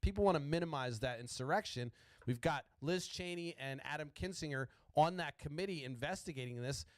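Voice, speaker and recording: A man's voice: fairly high pitch, brisk, dry recording. A man hosting a podcast, ranting about politics in a profane, rambling way and stuttering often. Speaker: podcast host.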